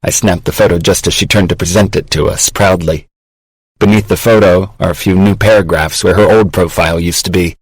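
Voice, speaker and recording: Low, dry male audiobook narrator. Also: fairly even intonation, slightly rough, no room sound, rough recording. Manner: measured and reflective. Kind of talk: scripted narration. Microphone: close studio mic.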